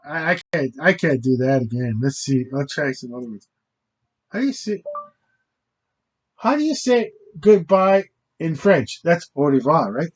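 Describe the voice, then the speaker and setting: Channel host, male, high voice, unhurried, halting and self-interrupting, stumbles over foreign words. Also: lively intonation, low-quality recording. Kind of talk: rambling casual monologue.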